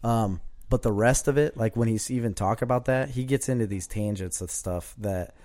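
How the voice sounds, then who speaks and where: A man's voice: lowish voice, normal speed. Rambling, laughing male podcast co-host. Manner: rambling, animated storyteller who laughs often. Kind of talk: casual chat.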